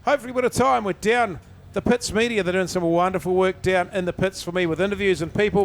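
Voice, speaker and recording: A man's voice: high-pitched, fast, hardly any pauses. A man giving live, folksy commentary on a speedway race. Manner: chatty, folksy, calls the action. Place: outdoor speedway. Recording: loud engine noise outdoors.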